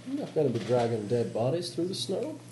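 A man voicing a weary male radio operator at a polar base with a Southern American accent, gruff and brooding as he tells of grim things. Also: mid-range voice, huge pitch swings, fairly quick. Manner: gruff, brooding, ominous storytelling. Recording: roomy table recording, faint noise.

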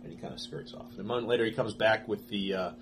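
A man narrating a tabletop game as game master, relaxed and hesitant with many fillers. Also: on the low side, fast talker, background noise.

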